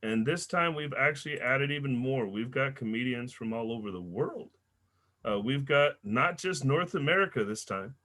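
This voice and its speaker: A young man hosting a stand-up comedy show, telling loud, animated stories with swearing and punchy character voices. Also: mid-range voice, moderate pace.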